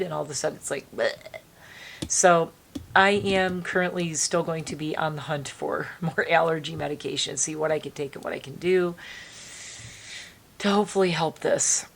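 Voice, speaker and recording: Low gravelly woman chatting to viewers. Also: normal speed, a little hiss or hum. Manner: rambling, talks to viewers with restarts. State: allergy-strained throat. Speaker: beauty vlogger. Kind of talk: casual chatty vlog. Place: indoors at home.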